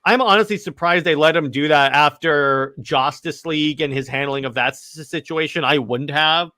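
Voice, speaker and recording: A man co-hosting a podcast, talking excitedly in casual chat, rambling with lots of restarts and stammers. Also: on the high side, moderate pace. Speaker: podcast co-host.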